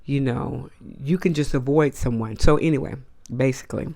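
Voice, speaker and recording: A woman's voice: rumbling low, moderate pace, creaky, warm tone. A woman hosting a casual monologue to camera, blunt and emphatic, with slangy asides. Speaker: host.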